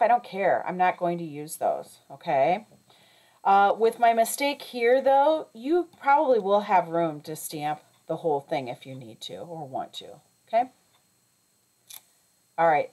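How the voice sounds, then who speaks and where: A woman's voice: medium pitch, a little mellow, a little hiss or hum. Chatty woman demonstrating card stamping. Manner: chatty, self-correcting, frequent "okay?" check-ins. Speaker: crafting instructor. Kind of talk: step-by-step craft demonstration.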